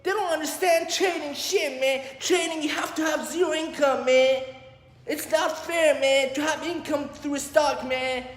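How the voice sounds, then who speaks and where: A man's voice: extremely high pitch, steady tone, normal speed, faint music behind, pitched above the performer's own voice. A man putting on a swaggering streetwise young man for a comic vlog bit, bragging and tagging every phrase with "man" in an empty condo. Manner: boastful, mock-tough, joking. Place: bare condo apartment. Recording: echoey room with long reverb.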